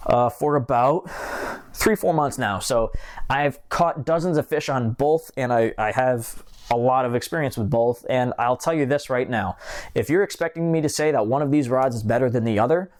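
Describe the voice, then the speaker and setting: A man's voice: mid-range voice, normal speed. A young man hosting a fishing channel, reviewing gear in a chatty, joking way and drifting onto tangents. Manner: chatty and joking, talks with his hands, goes off on tangents. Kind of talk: casual gear review to camera.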